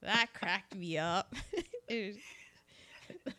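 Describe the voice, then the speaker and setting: A woman chatting casually about a film, animated and often laughing as she retells favorite scenes, with many excited restarts. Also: medium pitch, extremely slow.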